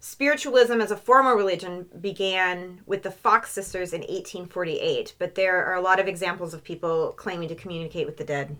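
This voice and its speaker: Bubbly woman cohost in her 30s, bright crisp voice, chatty and giggly. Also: lowish voice. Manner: bubbly, quick to laugh, explaining topics. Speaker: podcast co-host. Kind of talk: casual chat.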